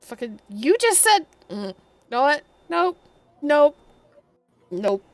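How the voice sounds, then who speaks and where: A woman's voice: high voice, big pitch swings, slow, no room sound, soft background music. A woman playing a tabletop game, giggling and swearing casually. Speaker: player.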